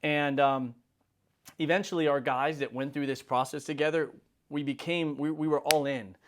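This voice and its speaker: Speaking at normal speed in a steady, slightly high voice, a man in his forties hosts a motivational video. He's an insurance business leader whose talk is laid-back and full of slang, and he frequently performs short snippets of dialogue.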